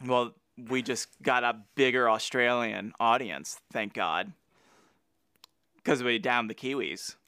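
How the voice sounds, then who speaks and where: A man co-hosting a casual podcast, reading a story aloud and bantering with excitable, teasing energy. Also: medium pitch, slow, smooth, no echo, studio quality. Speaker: podcast co-host.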